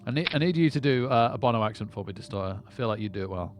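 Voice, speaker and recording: A man's voice: on the low side, lively intonation, rapid-fire, soft background music. A man chatting casually to viewers on a live poker stream. He rambles and often repeats words as he starts a sentence. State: lightheaded.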